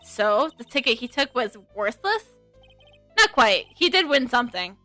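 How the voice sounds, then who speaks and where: A woman streamer reading a game aloud in an earnest, quick way with frequent self-corrections. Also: a little high, big pitch swings, bright, forceful tone, no echo, faint music behind.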